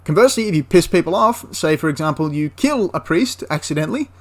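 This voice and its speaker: A man's voice: a little high, expressive, fast talker. A man giving a casual, enthusiastic spoken review of a tabletop wargame, rambling into asides and restarting his sentences.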